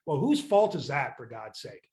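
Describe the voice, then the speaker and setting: A man's voice: medium pitch, sing-song, normal speed, darkish tone. An older man, a real estate sales coach ranting bluntly and with exasperation, swearing casually in a podcast chat. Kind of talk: candid podcast rant.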